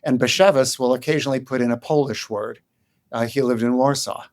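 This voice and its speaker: An older man from Chicago speaks as a guest in an interview, his voice sitting at an ordinary middle pitch. He explains things thoughtfully, with frequent ums and short pauses as he searches for words. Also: fairly even intonation, darkish tone. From Chicago, United States. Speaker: guest Yiddish scholar. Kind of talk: conversational interview.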